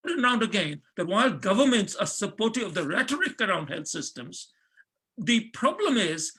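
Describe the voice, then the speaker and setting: A man's voice: sits high, pushed and bright, slightly rough. A middle-aged man giving a conference talk, earnest and full of fillers and restarts. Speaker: panel speaker.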